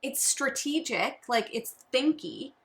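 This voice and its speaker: A woman's voice: sits high, animated, slow. A woman co-hosting a casual board game chat, playful and teasing as she talks. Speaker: board game channel co-host.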